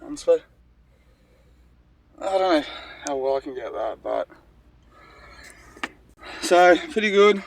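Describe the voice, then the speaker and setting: A man's voice: fairly high pitch, expressive, takes it slowly, gravelly, pauses often, a little hiss or hum. Breathless man vlogging outdoors. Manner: mumbled, rambling, swears freely. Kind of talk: casual vlog while walking. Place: outdoors on a street.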